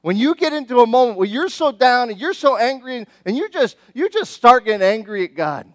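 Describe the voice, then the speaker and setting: Middle-aged man, pastor; high, bright-edged voice, lively conversational sermon delivery, dry sound. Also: fairly quick, no echo. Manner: animated, conversational preaching with many restarts.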